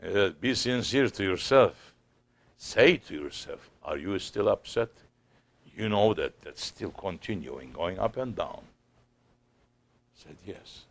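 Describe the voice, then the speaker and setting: Slow, low-voiced man telling a story. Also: lively intonation, no echo. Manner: non-native English, acts out voices in the story. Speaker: sheikh giving a talk. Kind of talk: sohbet storytelling talk.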